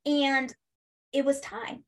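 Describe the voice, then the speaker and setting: A woman telling a personal story in a casual interview, animated, acting out what people said and laughing as she goes. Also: high-pitched, takes it slowly, vocal fry. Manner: animated, acts out quoted speech, laughs, swears. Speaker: guest.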